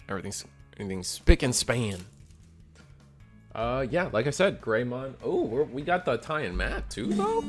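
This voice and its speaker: A man hosting a store card game tournament stream, giving chatty, excitable play-by-play commentary to his chat. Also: medium pitch, moderate pace, soft background music. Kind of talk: casual livestream play-by-play commentary.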